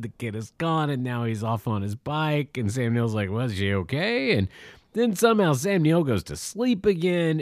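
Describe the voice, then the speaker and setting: A man's voice: mid-range voice, no echo, studio quality. A man on a podcast casually recapping a movie, laughing often and grumbling about its plot. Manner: lively, laughs often, exasperated. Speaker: podcast co-host.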